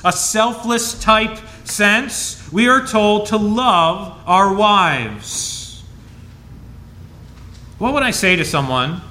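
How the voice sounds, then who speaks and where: Bright-voiced pastor preaching a sermon. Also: male voice. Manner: conversational preaching with emphatic scripture reading, dropping to soft low asides.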